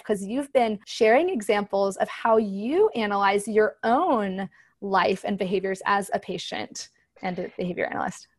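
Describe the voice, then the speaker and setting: A woman's voice: mid-range voice, normal speed. A woman hosting an interview, affirming and enthusiastic as she responds to her guest. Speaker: host. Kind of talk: interview conversation.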